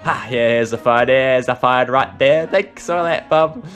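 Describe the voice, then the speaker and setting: A young man, excitable and chatty, hosting an improvised game role-play. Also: mid-range voice, a little slow. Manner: excitable, chatty, lots of laughs. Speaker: video host. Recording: faint music behind.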